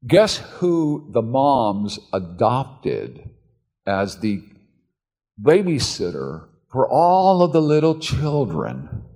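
A man preaching a sermon, telling a story with animated delivery and sudden shouted outbursts. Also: medium pitch, drawn-out words. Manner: animated, acts out voices, bursts into shouts.

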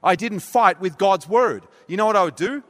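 A man preaching a sermon, telling a story with animated delivery and acting out voices. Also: sits high, moderate pace. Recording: reverberant hall.

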